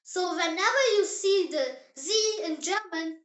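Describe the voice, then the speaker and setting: A child hosting a scripted language lesson, upbeat and encouraging, spelling out sounds slowly. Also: extremely high pitch, expressive, a bit bright. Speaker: language teacher, channel host. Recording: roomy echo.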